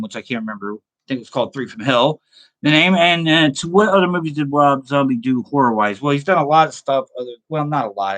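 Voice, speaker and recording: A man's voice: medium pitch, a bit bright. A middle-aged man hosting a horror show, telling a rambling story and reading viewer comments in a casual, self-amused way, laughing often.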